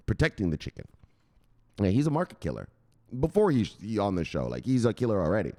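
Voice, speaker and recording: An American man hosts a crypto news vlog in a loose, rowdy style. His voice leaps all over the place in pitch as he jokes, laughs and shouts catchphrases at his viewers. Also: huge pitch swings, normal speed, vocal fry. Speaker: crypto news channel host. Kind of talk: casual livestream-style vlog chat.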